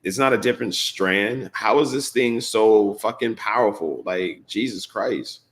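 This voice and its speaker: A man's voice: fairly low pitch, a little slow. A man co-hosting a morning radio show, talking casually and bluntly, with some swearing and easy laughter. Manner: blunt, profane, laughs easily.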